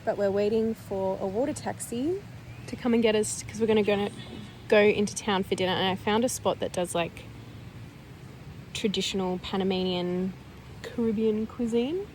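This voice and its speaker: A woman chatting casually to a handheld camera as a travel vlogger, upbeat and quick to laugh. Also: medium pitch, darkish tone, a little hiss or hum, rough recording. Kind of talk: casual vlog chat.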